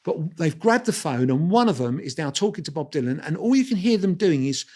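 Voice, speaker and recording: Animated older storyteller, man. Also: on the high side, fairly quick. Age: 60s. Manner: animated anecdotes with quoted voices and restarts. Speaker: guest photographer. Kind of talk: storytelling interview.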